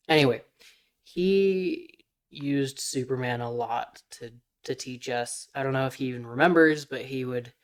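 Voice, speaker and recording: Slow, hesitant young man. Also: mid-range voice. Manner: hesitant, many ums, relaxed. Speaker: podcast co-host. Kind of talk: casual chat.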